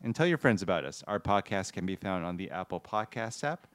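Smooth-voiced male podcast host. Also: low voice, expressive, a little fast, a bit bright, no echo. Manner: upbeat, laughs easily, reads out show plugs. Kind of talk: casual film podcast chat.

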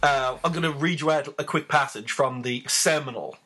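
A man, co-hosting a casual boxing chat in a relaxed way, with plenty of fillers. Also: medium pitch, moderate pace. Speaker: podcast co-host.

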